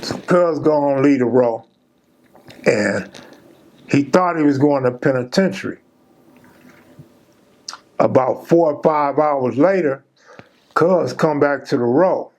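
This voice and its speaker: A man's voice: medium pitch, takes it slowly, pauses often, a little mellow. A man hosting his own channel, telling a true story in a casual, laid-back, slangy street style.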